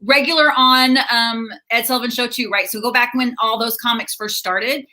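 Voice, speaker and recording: A middle-aged woman, a stand-up comedian, talks casually in an interview, quick with asides and laughter. Her voice sits a little high and sounds bright and forward. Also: fairly even intonation.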